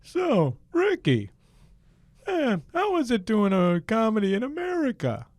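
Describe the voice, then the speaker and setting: A man doing an improvised impression of a high-pitched, excitable male celebrity comedian, exclaiming in a shrill, nasal way. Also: measured pace, no room sound, studio quality, exaggerated voice. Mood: excited. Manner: over-the-top exclaiming.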